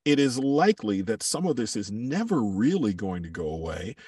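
Deep-voiced husky man, measured and reflective. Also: sing-song, a little mellow, no room sound, far from the mic. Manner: measured, reflective, explains with examples. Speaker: voiceover artist and coach, guest. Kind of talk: podcast interview, thoughtful conversation.

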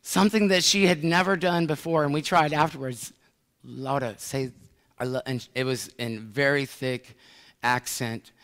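A middle-aged American pastor preaching a sermon, telling a story with swings from hushed to loud. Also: male voice, on the high side, steady tone, normal speed, smooth. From United States. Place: large church sanctuary. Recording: long church hall reverb.

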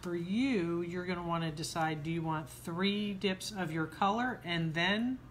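Middle-aged woman nail tech, low voice, patient explaining, faint noise behind. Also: a little slow. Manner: explains her technique patiently. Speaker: nail technician. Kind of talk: casual demo explanation.

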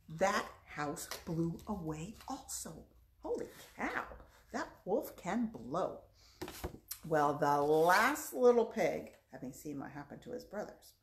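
A woman's voice: deep voice, slight background noise. A woman children's librarian leading a playful storytime for young children, with songs and a story in a library. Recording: echoey room.

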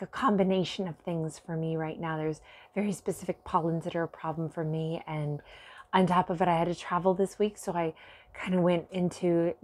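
A woman with a hoarse, scratchy voice giving a casual vlog update to her viewers. She talks haltingly and apologetically, with many pauses and soft laughs. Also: lowish voice. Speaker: vlogger and card reader.

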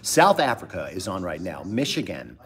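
A man's voice: low-pitched, big pitch swings, normal speed, fairly bright tone, slightly rough. A middle-aged man hosting a casual live stream, rambling and joking dryly as he reads out where viewers are from. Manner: rambling, reads out viewer locations, dry jokes. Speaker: host.

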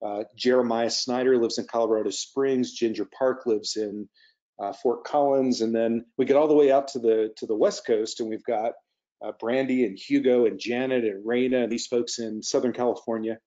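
Male moderator from Virginia, mellow and dark tone, friendly hesitant questions, muffled recording. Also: medium pitch, steady tone, moderate pace. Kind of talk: moderated public conversation.

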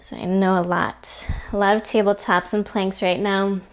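A young adult woman teaching a yoga class, giving calm step-by-step cues and whispering some words. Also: medium pitch, moderate pace. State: slightly out of breath. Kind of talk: guided yoga class instruction.

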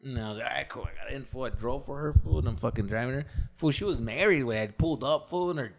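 A man's voice: mid-range voice, quick pace, gravelly. A man telling a long story as podcast co-host, profane and slangy, acting out the voices of the people in it. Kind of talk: casual storytelling chat.

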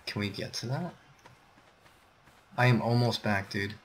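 A man's voice: on the low side, unhurried, a little hiss or hum. A man chatting casually while playing a co-op game with a friend, nervous and jumpy when the game turns dangerous. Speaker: gamer. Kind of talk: casual co-op gameplay chat.

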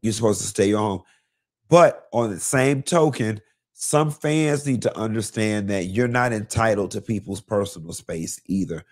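Sassy, profane gossip host, low voice. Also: male voice, moderate pace. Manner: sassy, blunt, profane, animated storytelling. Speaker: host of a live gossip show. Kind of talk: casual celebrity gossip commentary.

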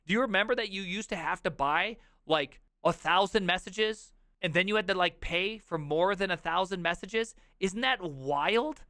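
A man in his thirties reacting to an article on a live stream, reading aloud and riffing with jokey, loud outbursts. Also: sits high, normal speed, few pauses, no echo, clean studio sound. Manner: animated, jokey, reads aloud then riffs with loud outbursts.

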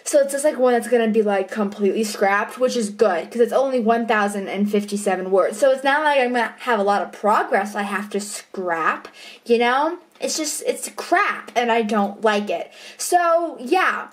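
A woman talking in a casual vlog diary at home, chatty, bubbly and quick to correct herself. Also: on the high side. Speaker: vlogger and co-writer of a book.

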